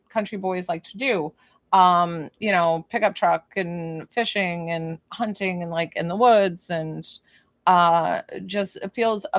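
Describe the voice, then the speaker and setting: A woman's voice: lowish voice, a bit bright, dry recording, studio quality. A woman working as a psychic medium, giving an informal one-on-one reading and thinking aloud with lots of fillers. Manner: bursts into laughter.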